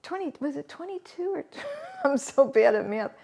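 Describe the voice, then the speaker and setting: Middle-aged woman telling her story, gravelly fry in her voice, stops and starts, laughs a lot. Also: high voice, huge pitch swings, darkish tone. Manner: halting, often laughs mid-sentence. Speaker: interviewee. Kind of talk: candid personal storytelling.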